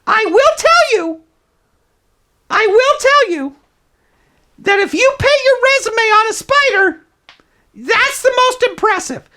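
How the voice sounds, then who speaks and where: A man's voice: very high-pitched, pushed and bright, exaggerated voice. A man voicing a zany toilet paper roll puppet who gives over-the-top, mock-authoritative advice in an improvised comedy presentation.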